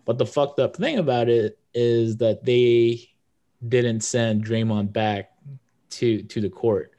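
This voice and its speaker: A man's voice: medium pitch, slow pace, warm tone. A young man co-hosting a casual sports podcast, talking loosely with many fillers. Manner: rambling, lots of fillers. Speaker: podcast co-host.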